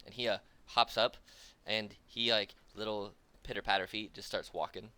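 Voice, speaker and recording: A man's voice: on the low side, fairly even intonation, normal speed, few pauses, sharp tone, smooth. A man narrating a tabletop role-playing game as game master, in loose, casual talk full of fillers.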